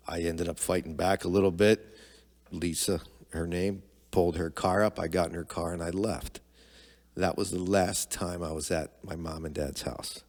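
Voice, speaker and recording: A man's voice: low-pitched, normal speed, in a large hall. A middle-aged man telling a personal story to his son on a podcast, candid and conversational, acting out the quoted dialogue. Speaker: podcast guest, father of the host.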